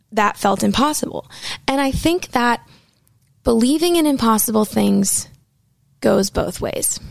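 A young woman tells a personal story in a loose, candid way, swearing freely. She slips into the voices of the people she quotes. Her voice has a gravelly fry and sits close and dry. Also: medium pitch, a little mellow, dry recording. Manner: candid and profane, acts out quoted dialogue.

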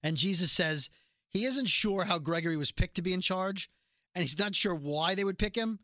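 A man casually co-hosting a podcast, animatedly retelling a TV episode and quoting its characters in quick bursts. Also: sits high, sharp tone, no room sound, studio quality. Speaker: podcast co-host recapping a TV episode. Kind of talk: casual chat.

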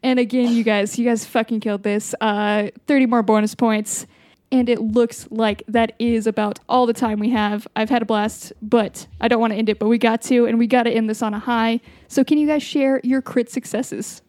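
A woman's voice: on the high side, steady tone, moderate pace, darkish tone, no room sound. A young woman hosting a casual game with upbeat, playful talk and plenty of swearing. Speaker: host. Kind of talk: casual game show chat.

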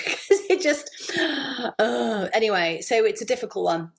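A woman talking as a podcast guest in a chatty, animated storytelling way. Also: medium pitch, normal speed. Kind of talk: casual interview chat.

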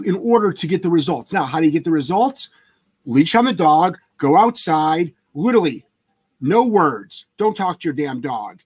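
A man's voice: high voice, slightly rough. A man hosting a casual live chat as a dog trainer, talking bluntly and emphatically with plenty of swearing. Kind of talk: casual livestream chat answering viewer questions.

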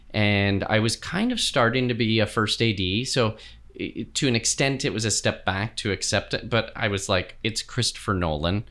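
A middle-aged man, a TV director, answering interview questions in a reflective, measured way with frequent fillers. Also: on the low side, a bit bright. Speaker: TV director, guest.

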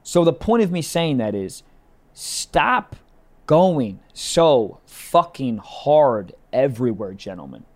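Young dude cohosting a raunchy podcast, big swings in his voice, loud then drawly. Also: slow pace. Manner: animated, swings between loud bursts and low drawls. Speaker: podcast co-host. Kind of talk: crude comedic podcast banter.

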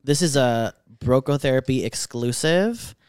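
A playful woman co-hosts a podcast with a low voice that swings widely in pitch. She talks in an unhurried way, laughs often, and her words trail off. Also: animated, a little mellow, smooth, no room sound, clean studio sound. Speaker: podcast co-host. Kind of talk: casual chat.

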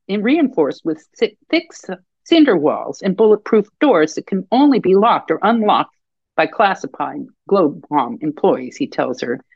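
A woman podcast host and author reading her own fiction aloud in a measured storytelling voice. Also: lowish voice, a little mellow, dry recording, lo-fi sound.

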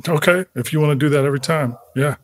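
A man's voice: fairly high pitch, quick pace, natural voice. A man improvising an exasperated parent who keeps taking privileges away from his son. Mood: stern. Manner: stern, taking things away. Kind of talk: improv comedy sketch.

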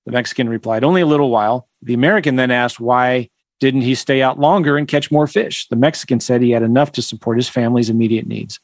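A man's voice: medium pitch, steady tone, fast talker, dry recording. Rambling man teaching, dry close sound. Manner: rambling, self-deprecating, chuckling asides. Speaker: real estate coach. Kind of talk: teaching livestream, reading a story aloud.

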